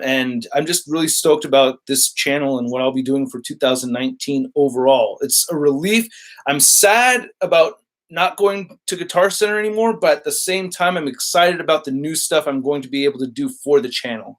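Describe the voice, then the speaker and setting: A young man hosting a casual live stream, excitable and rambling, reading his chat aloud. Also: medium pitch, normal speed. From United States. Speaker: toy collector YouTuber, live-streaming host.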